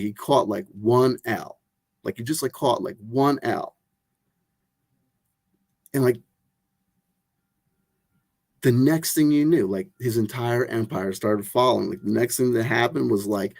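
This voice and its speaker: A man's voice: mid-range voice, gravelly, a little mellow, husky, no room sound. A man hosting a tarot channel who talks in a loose, rambling monologue full of fillers and restarts.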